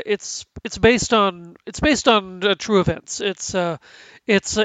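High gravelly man, stuffy, rambling. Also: no room sound, poor audio. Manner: rambling, many restarts and fillers. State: stuffy sinuses. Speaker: podcast co-host. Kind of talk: casual chat about TV shows.

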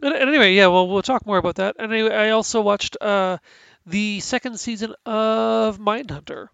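A man's voice: sits high, fairly quick, gravelly, fairly bright tone, clear, resonant tone, no echo, low-quality recording. A man with stuffy sinuses co-hosting a casual chat about TV, rambling with many restarts and fillers. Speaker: podcast co-host.

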